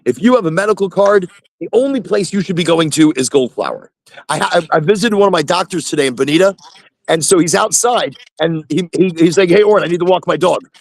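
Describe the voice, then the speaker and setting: A man's voice: high-pitched, a little fast, gravelly. A man hosting a casual live chat from his phone in his truck, rambling and repeating himself. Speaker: host.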